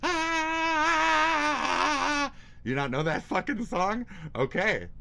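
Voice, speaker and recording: A man streaming live, giving casual reaction commentary in a mocking, profane and excitable way. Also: low-pitched, normal speed.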